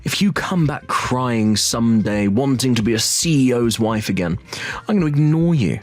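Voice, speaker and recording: A man's voice: mid-range voice, lively intonation, normal speed, close to an everyday voice. A synthetic man's voice reading an arrogant, cheating rich ex-husband who taunts smugly in a text-message story. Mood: angry. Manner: smug, taunting. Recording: faint music underneath.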